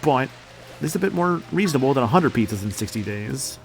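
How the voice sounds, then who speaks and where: A laid-back man in his late twenties rambles through a casual game stream, cursing freely as he goes. His voice sits at a middle pitch. Soft game music plays faintly behind him. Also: animated, brisk. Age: late 20s.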